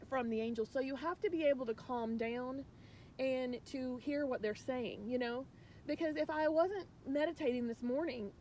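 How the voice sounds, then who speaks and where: A woman's voice: high-pitched, slight background noise. A woman spiritual coach talking casually and earnestly to viewers, rambling with many restarts and sharing emotional, confiding thoughts.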